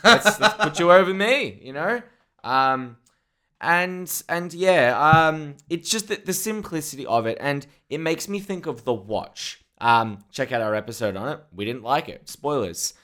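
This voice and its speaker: A man's voice: mid-range voice, expressive, unhurried, fairly bright tone. A man co-hosting a podcast, chatting casually about a TV show, rambling and joking, often slipping into quoted asides. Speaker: podcast co-host. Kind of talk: casual chat reviewing a TV show.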